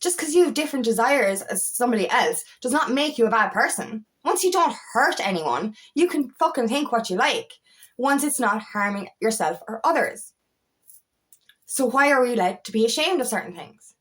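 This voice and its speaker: A woman's voice: fairly high pitch, sing-song, moderate pace, a bit bright. A woman with an Irish accent, an empowerment coach giving a casual motivational talk, emphatic and swearing freely.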